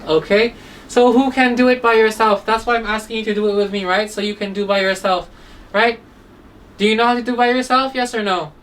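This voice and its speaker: A woman teaching a phonics lesson to children, sounding out words slowly and asking "okay?" after nearly every line, coaxing and gently scolding. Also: on the high side, steady tone, far from the mic, rough recording. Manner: slow, drawn-out sounds, repeats "okay?" often; coaxing, mildly scolding when children drift.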